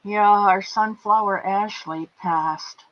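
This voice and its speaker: Woman stream host, unhurried and doting, dull lo-fi audio. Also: mid-range voice. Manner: affectionate, calls viewers pet names. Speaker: livestream host. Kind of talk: casual chat greeting viewers and reading comments.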